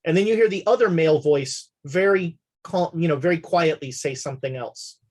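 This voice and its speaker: A woman running a tabletop horror game as game master, narrating in a relaxed, halting way with many fillers. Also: deep voice.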